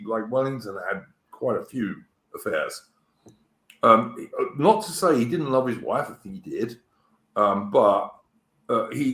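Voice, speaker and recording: A man's voice: on the low side, roomy sound. A British man hosting a casual chat show, telling stories in a chatty way with lots of restarts. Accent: British English. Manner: chatty storyteller with many restarts and stammers. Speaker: podcast host.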